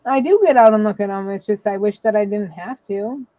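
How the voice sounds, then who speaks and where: A woman chatting as a podcast co-host, giggly and rambling. Her voice sits in a middle pitch, and her talk is casual and loose. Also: brisk, warm tone, no echo. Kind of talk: casual chat.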